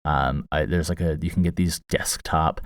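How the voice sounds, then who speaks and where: Inside a small foam-lined box, a podcast host with a very deep voice speaks into a close studio mic at a moderate pace and fairly even intonation. He tells a funny story in a rambling, amused way, full of fillers and restarts. The recording is very dry, with a close booth sound.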